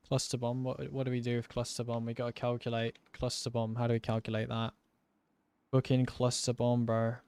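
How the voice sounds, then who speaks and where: A man's voice: mid-range voice, gravelly, darkish tone, smooth, no room sound. A young man streaming, casually talking through game testing, thinking aloud, muttering through sums and swearing now and then. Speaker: gaming streamer.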